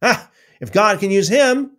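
A man's voice: sits high, animated, measured pace, fairly bright tone, voice pushed up. A man voicing jealous biblical siblings who mock a prophet in a raised, sneering voice. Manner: sneering, mocking.

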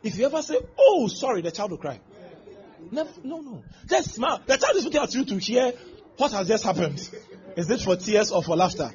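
Animated high-voiced male preacher. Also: fairly quick. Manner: animated, acts out scenes with exclamations and laughter. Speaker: pastor. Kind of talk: sermon. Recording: dull lo-fi sound with faint background noise.

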